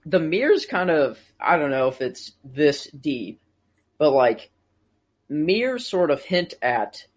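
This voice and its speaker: A man's voice: on the high side, sing-song, takes it slowly. A man on a casual podcast who offers his thoughts tentatively, often hedging with "I don't know". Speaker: podcast co-host. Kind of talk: casual pop-culture chat.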